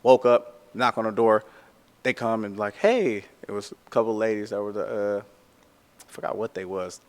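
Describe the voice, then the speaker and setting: A man who works as a tattoo artist, telling a story in a casual, animated way, full of slang and "like". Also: lowish voice, normal speed, clean tone, big-room sound.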